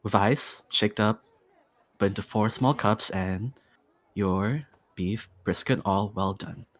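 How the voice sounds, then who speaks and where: A man's voice: on the low side, slow pace, a bit bright. A man voicing a courteous, slightly nervous restaurant waiter who hesitates and repeats himself.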